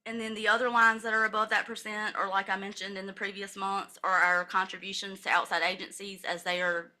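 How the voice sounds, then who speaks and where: A woman's voice: mid-range voice, flat delivery, brisk, few pauses, sharp tone. A woman county finance officer reading a monthly financial report at a public meeting, reciting figures methodically with brief self-corrections. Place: county commissioners' meeting room.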